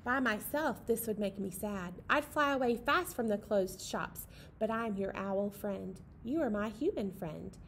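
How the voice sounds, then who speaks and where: A woman reading a picture book as a gentle night owl telling its own story, in a soft, tender, unhurried voice. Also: medium pitch, slight background noise, close to an everyday voice. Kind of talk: picture-book read-aloud.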